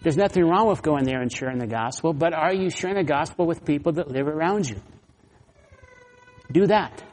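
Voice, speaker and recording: A man preaches to his congregation with a slightly raised voice. He tells stories in an animated way. The sound carries a long reverb from a large hall. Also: a little high, a little fast. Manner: animated storytelling, acts out own anger. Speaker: pastor. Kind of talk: sermon.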